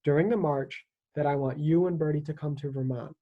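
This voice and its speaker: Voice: medium pitch, brisk, narrow, tinny audio, natural voice. A reader voicing a caring Union soldier who speaks earnestly and steadily to a boy in his care. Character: caring Union soldier, protective of two children.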